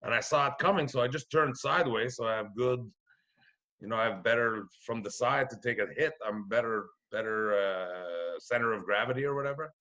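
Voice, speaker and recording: Guy from quebec, middle-aged, bright voice, cursing a lot and doing everyone's voices. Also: medium pitch, a little fast, muffled recording. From Quebec, Canada. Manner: profane, animated, acts out other voices. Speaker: podcast guest comedian. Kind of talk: storytelling anecdote.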